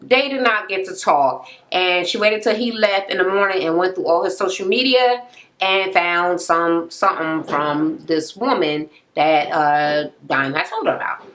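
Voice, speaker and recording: A young woman recapping a reality TV episode in a casual, profane rant. She acts out the people she quotes with sudden jumps in pitch, uses many fillers and laughs at the scenes. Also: measured pace. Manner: animated retelling, acting out quoted people with sharp pitch jumps.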